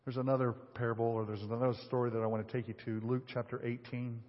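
A man's voice: mid-range voice, little pitch movement, quick pace. A man preaching a sermon, reading scripture aloud and explaining it in a conversational way with occasional fillers. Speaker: pastor. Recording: dull audio in a hall with long reverb.

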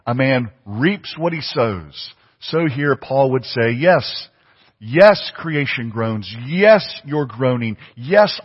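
A man's voice: medium pitch, slightly rough. A man preaching a sermon, emphatic and fond of repeating phrases for stress. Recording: muffled audio with long hall reverb.

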